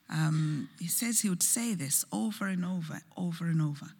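A woman preaching a sermon, telling a story slowly and earnestly with soft, hushed moments, recorded in a church. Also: fairly low pitch, slightly rough. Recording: church hall with long reverb.

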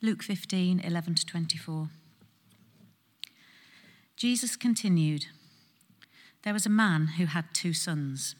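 A woman reading a Bible passage aloud in a church, steady and measured. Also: on the low side. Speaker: scripture reader. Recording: church hall with long reverb.

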